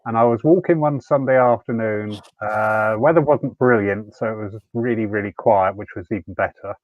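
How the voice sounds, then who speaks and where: A man's voice: on the low side, normal speed. Tinny-sounding chatty man hosting. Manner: chatty and anecdotal, laughs easily. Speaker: host of a church evening. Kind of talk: hosting and telling a personal story. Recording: tinny, phone-like call audio.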